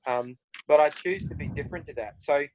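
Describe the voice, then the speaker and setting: An Australian guest speaker tells motivational stories on a video call, upbeat and animated, acting out conversations. His voice is a little high and a little fast, with lo-fi sound and slight background noise.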